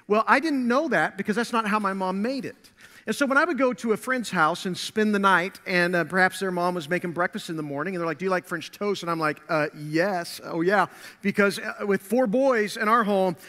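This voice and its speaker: A man preaching a sermon as pastor, telling a family story in a relaxed, conversational way with frequent fillers. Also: high-pitched, in a large hall. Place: church sanctuary.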